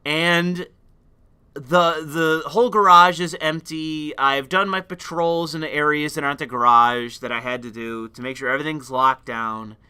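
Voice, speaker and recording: Give me a young man on a casual stream, telling a story with loud, profane energy. His voice sits high and sounds very bright and clear.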